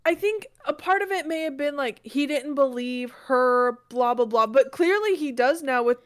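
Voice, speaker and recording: A woman's voice: high voice, moderate pace, no room sound, studio quality. A young woman co-hosting a podcast, chatting casually and joking with lots of laughter. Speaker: podcast co-host. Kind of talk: casual chat.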